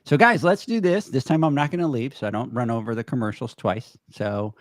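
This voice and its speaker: A man hosting a podcast, chatting in a relaxed way about upcoming voting and handing off to the sponsors. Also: mid-range voice, brisk, no echo. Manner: relaxed, chatty, many restarts. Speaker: podcast host. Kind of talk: casual podcast chat.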